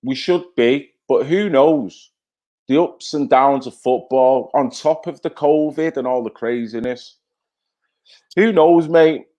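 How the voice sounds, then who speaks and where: A man's voice: medium pitch, unhurried, dark tone. A man hosting a casual livestream, chatting loosely, swearing freely and greeting viewers by name as he reads their comments. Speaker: livestream host.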